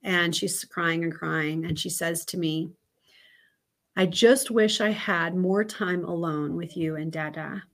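Woman, thirties, slightly low voice, candid, reflective, storytelling, casual interview guest. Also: slow pace, a bit bright. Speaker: podcast guest.

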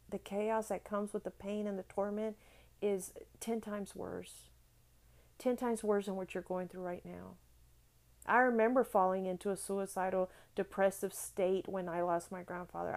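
Earnest woman giving a devotional talk. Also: mid-range voice. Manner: earnest, heartfelt, repeats phrases for emphasis; swells louder when reading scripture. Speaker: podcast host, devotional speaker.

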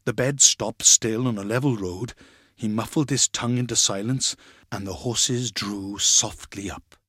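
A man's voice: on the low side, husky, no room sound. Man reading a story in a dry voice. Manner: measured, expressive storytelling. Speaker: narrator.

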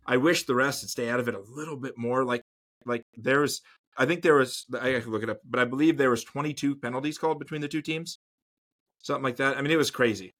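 A man co-hosts a sports podcast in a middle-pitched voice. He talks casually and rambles, repeating words and trailing off before he lands a point. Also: quick pace, fairly bright tone. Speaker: podcast co-host.

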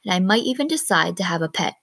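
A woman's voice: on the low side, expressive, fast talker, vocal fry, a bit bright, no room sound, heavily acted. A woman voicing a restless, stubborn young girl who speaks earnestly and wistfully.

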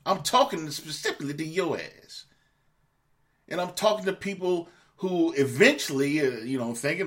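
Speaking at a moderate pace in a voice on the high side, a man hosting a podcast launches into an angry monologue. He curses and berates listeners, repeating words as he grows more worked up.

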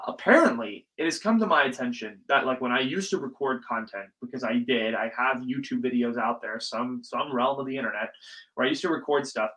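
A young man hosting a casual solo podcast, talking in an animated, ranting way and swearing freely. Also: medium pitch, poor audio. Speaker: podcast host.

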